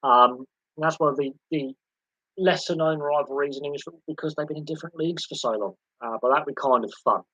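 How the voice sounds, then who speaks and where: Rambling man with a bright, husky voice. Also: fairly high pitch, quick pace, dry recording, muffled recording. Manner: rambling, repeats words, dark jokey humour. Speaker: host of a live sports Q&A stream. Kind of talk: casual live-stream chat answering viewer questions.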